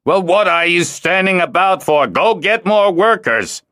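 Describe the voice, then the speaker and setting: A man's voice: medium pitch, very animated, normal speed, no room sound, studio quality, pitched above the performer's own voice, lightly acted. A man reading an audiobook, voicing a harsh, domineering male weir leader who barks scathing orders. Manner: venomous, scathing commands, shouting. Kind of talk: audiobook character voice.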